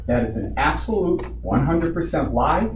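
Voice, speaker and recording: A man's voice: a little high, expressive, moderate pace. A man telling a board his complaint at a community meeting, indignant and full of rhetorical questions. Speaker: resident addressing a community board. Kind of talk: public comment at a meeting. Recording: echoey room, distant mic, dull sound, faint hiss.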